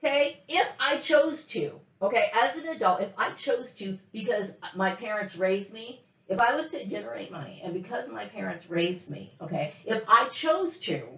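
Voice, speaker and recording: A woman's voice: medium pitch, lively intonation, moderate pace, creaky, few pauses. A woman delivering an angry, profane monologue, repeating herself and tagging lines with "okay?". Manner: profane, repetitive, many "okay?" fillers. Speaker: vlogger. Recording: echoey room, dull lo-fi sound.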